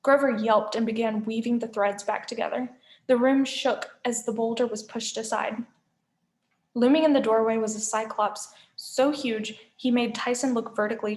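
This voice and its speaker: Woman, teacher reading a novel aloud, expressive, fairly high voice, roomy echo. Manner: clear, expressive storytelling. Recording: echoey room.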